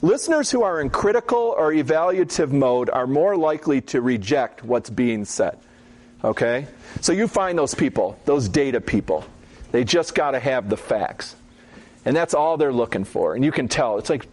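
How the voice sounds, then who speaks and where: A man giving a Bible teaching talk, telling stories in a relaxed, conversational way and often checking in with "okay?". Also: mid-range voice, normal speed.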